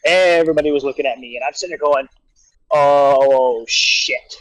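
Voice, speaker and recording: A man's voice: a little high, racing, dry recording, low-quality recording. Man telling swear-filled army stories. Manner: animated, profane, rambling with restarts. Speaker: guest storyteller, soldier. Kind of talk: casual storytelling on a livestream.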